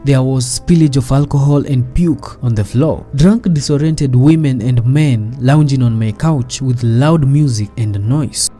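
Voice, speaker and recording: A man's voice: medium pitch, a little slow, few pauses, dark tone. Man narrating wryly over music. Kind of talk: scripted commentary voice-over.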